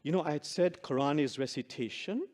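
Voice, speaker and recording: An older man, a guest imam, giving an animated sermon full of stories and quotes, then leading a quiet meditation. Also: fairly quick. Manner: animated storyteller, lively pitch swings, laughs at own jokes. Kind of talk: sermon with storytelling and guided meditation. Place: church sanctuary with long reverb. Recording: reverberant hall sound.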